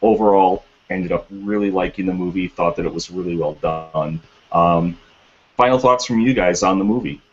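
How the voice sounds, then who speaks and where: A man co-hosting a casual podcast chat, opinionated and quick to argue his point. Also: low-pitched, a little hiss or hum. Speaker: podcast co-host. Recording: dull lo-fi podcast audio.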